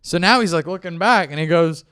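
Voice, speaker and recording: A man's voice: a little high, a little fast, pushed and bright, smooth, no room sound, clean studio sound. A young man, a comedian co-hosting a casual talk show, telling a rambling anecdote and acting out both sides of the dialogue. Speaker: comedian podcast co-host. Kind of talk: casual storytelling chat.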